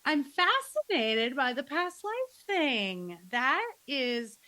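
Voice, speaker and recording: Woman host on a podcast, kinda high voice, really bright and eager. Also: big pitch swings, slow pace, few pauses, rough recording. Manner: eager, enthusiastic. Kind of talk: casual interview chat.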